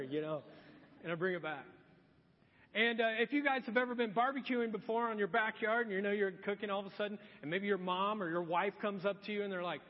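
A man's voice: high voice, brisk, long reverb tail, highs cut off. A man preaching a sermon as a pastor, in a casual, joking storytelling manner.

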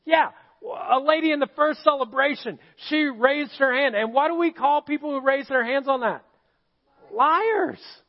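A middle-aged male pastor delivers a sermon in a church auditorium at normal speed with few pauses, his pitch extremely high. He tells stories and questions the congregation, captured in a muffled recording.

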